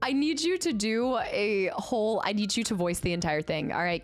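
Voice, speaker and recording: Young woman livestreamer, bubbly and chatty, higher-pitched voice. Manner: bubbly and chatty, coos at her pet. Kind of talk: casual livestream chat.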